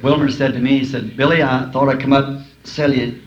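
A man's voice: mid-range voice, steady tone, brisk. A man preaching to a congregation, telling homespun stories and chuckling at his own jokes. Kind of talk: folksy sermon with humorous anecdotes. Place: school auditorium before a congregation. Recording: dull lo-fi archival tape with faint hiss.

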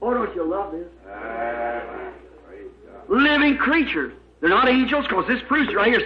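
Fervent preacher, a man with a very high voice, captured in a roomy, echoey church. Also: expressive, moderate pace, long pauses. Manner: emphatic, fervent, spells out words letter by letter. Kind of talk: sermon. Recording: echoey, dull lo-fi old recording.

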